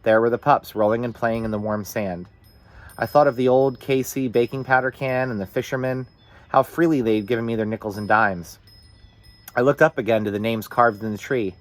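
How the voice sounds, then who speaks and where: A man reading a novel aloud in the first person, with steady, earnest storytelling. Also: mid-range voice, brisk. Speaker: audiobook reader.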